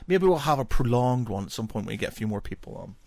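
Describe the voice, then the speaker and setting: Relaxed man hosting a podcast. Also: medium pitch, fast talker, creaky, no room sound, clean studio sound. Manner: relaxed, laughs easily, wraps up the show. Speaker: podcast host. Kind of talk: casual podcast chat.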